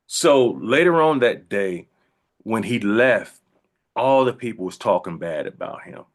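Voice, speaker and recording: A man, an actor, recounts stories from his career with a lot of lift and drop in his voice. He laughs easily and acts out what others said. The talk is relaxed and conversational. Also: lowish voice, a little slow. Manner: animated, laughing anecdotes with voiced quotes. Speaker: actor, interview guest. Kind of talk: casual storytelling.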